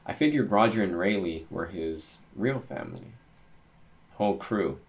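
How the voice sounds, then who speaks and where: Young guy, pretty deep voice, reading manga out loud and reacting, excitable and chatty. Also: moderate pace. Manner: excitable, reads panels aloud, thinks out loud.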